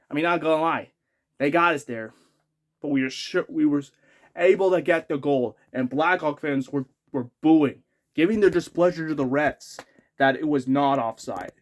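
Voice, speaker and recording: A man giving an excitable, rambling hockey rant as a fan vlogger, often restarting his sentences. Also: on the high side.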